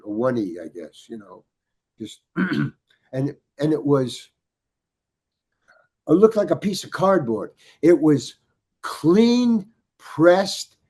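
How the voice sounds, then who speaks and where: An older man, a podcast guest, telling a long anecdote in a halting way, restarting his sentences and acting out the dialogue. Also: a little high, a little mellow. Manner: halting, many restarts, acts out quoted dialogue. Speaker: guest storyteller.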